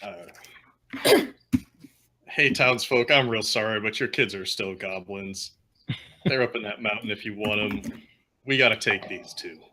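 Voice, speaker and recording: Male player, joking and deadpan, bright and lively, faint hiss behind. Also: on the low side, normal speed. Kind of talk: tabletop role-play.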